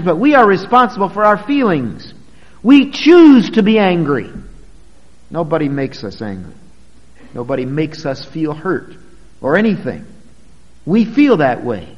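A man's voice: high voice, long reverb tail, poor audio. A pastor preaching a sermon, earnest and emphatic, speaking directly to his congregation.

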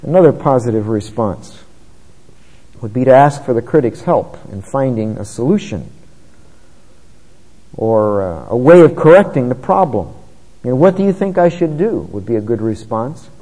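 A man's voice: mid-range voice, expressive, normal speed, pauses often, warm tone, long reverb tail, low-quality recording. A man preaching a sermon in an earnest, conversational way, often rising in emphasis.

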